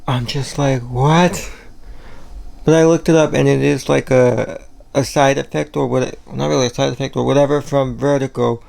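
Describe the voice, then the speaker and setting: His voice is mid-range, brisk and fairly even in intonation, gravelly but a little mellow. The man, a vlogger from Puerto Rico, rambles casually in a home video shot in the kitchen and bedroom, full of "you know" and "like" fillers.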